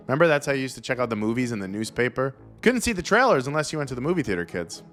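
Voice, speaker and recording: A man's voice: medium pitch, very animated, very fast, hardly any pauses, a bit bright, faint music behind. A man hosting a comedy show, riffing sarcastically on celebrity news. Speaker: host. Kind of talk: comedic pop-culture commentary.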